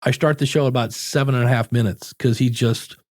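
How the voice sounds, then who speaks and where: A man in a relaxed podcast interview, handing out practical advice on shows and ads. He brings his points to life by playing out small quoted exchanges. His voice sits at a middle pitch and sounds dry and close to the mic. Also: fairly quick, no echo. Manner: animated, acts out little quoted scenes. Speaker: podcast coach and guest. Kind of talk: casual interview chat.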